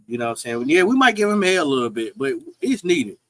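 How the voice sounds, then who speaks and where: Animated, bright-voiced man on a podcast. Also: fairly high pitch, fast, dry recording, rough recording. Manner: animated, emphatic, preachy. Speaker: podcast co-host. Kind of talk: casual live-stream chat.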